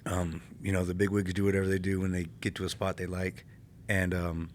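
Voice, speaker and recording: A man from California, a retired army infantryman, telling war stories in a casual podcast interview, animated and laughing as he talks. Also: low-pitched, a little fast, slight background noise.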